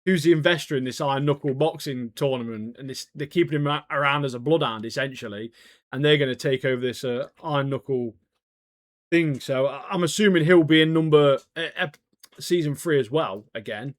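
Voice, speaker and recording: A man co-hosts a podcast in a mid-range voice, talking fairly quickly with no echo. He chats casually in slang and acts out characters' lines.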